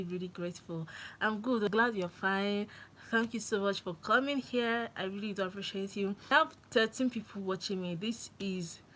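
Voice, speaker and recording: A young woman from Nigeria chatting on a live stream from her phone, excitable and laughing often. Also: mid-range voice, low-quality recording. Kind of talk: casual live-stream chat.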